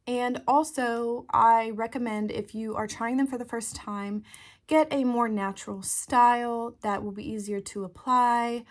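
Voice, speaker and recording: A woman with a somewhat high voice talks casually to her camera as a beauty vlogger. She is relaxed and chatty, with frequent ums, recorded indoors by a window. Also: a little slow. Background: fan running.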